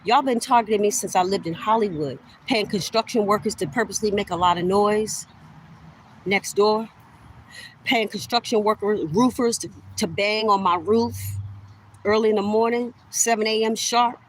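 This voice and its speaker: Poor audio with a bit of hiss or hum carries a middle-aged woman vlogger's heated, accusatory rant into the camera. Speaking at medium pitch and a moderate pace, she repeats herself for emphasis and talks to listeners as "y'all."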